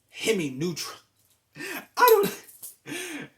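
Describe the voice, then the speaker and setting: A man's voice: on the high side, expressive, unhurried, long pauses. A young adult man hosting a show, delivering an emphatic, repetitive motivational monologue. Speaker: motivational host.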